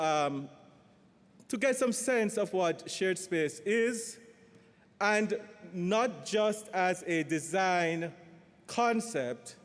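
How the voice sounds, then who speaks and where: A man introducing a speaker at a conference, talking in a halting way with restarts. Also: high-pitched. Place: large conference hall. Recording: long hall reverb.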